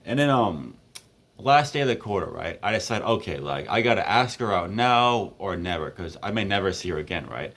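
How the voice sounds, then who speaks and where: A man's voice: sits low, expressive, fairly quick, a bit bright. A man in his twenties casually telling a story, rambling with many fillers and laughing between lines.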